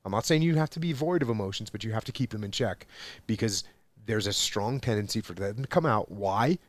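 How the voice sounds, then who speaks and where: A man's voice: lowish voice, animated, brisk, no echo. Forties guy, ex-military leader, hammering his points home on a podcast, dry close sound. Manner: emphatic, explanatory, building points with repetition. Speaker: podcast guest, former SEAL leader. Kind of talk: casual podcast conversation.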